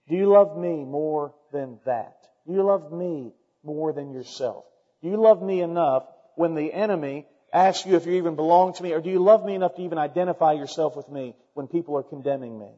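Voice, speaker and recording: A man preaching a sermon, emphatic and building to loud, repeated questions. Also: a little high. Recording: dull long hall reverb.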